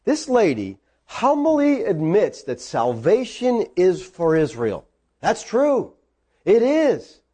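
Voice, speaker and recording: A man preaching a sermon, animated and acting out the voices of the people in the story. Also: high-pitched, slow pace, husky.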